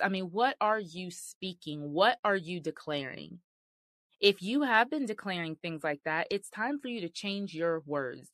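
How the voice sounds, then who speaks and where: A woman's voice: medium pitch, animated, a little slow, fairly bright tone, no echo. A woman host giving sermon-style marriage teaching, earnest and emphatic in a conversational way.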